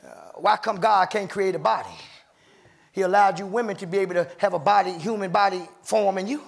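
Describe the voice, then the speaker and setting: A high, gravelly-voiced preacher delivers a sermon in a church sanctuary, a little fast and steady in tone. His fervent call-and-response rhythm breaks into laughs between phrases, climbs into shouts and circles back to repeated refrains.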